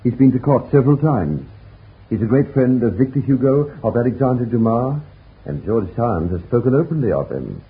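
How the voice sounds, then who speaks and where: An actor playing a shrewd, suave Parisian novelist with a polished, probing manner in a vintage radio drama. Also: male voice, mid-range voice, very animated, normal speed. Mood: sly. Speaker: visiting novelist. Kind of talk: 1940s radio acting. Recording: tinny old radio broadcast.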